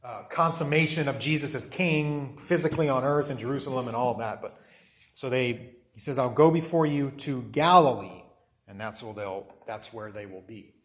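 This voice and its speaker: A man's voice: mid-range voice, moderate pace, fairly bright tone. A man teaching a Bible study class in a conversational way, often checking in with the listeners.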